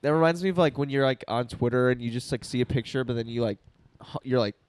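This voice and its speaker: A man's voice: mid-range voice, steady tone, fast, darkish tone, clear, resonant tone, no room sound, rough recording. A young man co-hosting a podcast in casual chat, playful and laughing often. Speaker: podcast co-host.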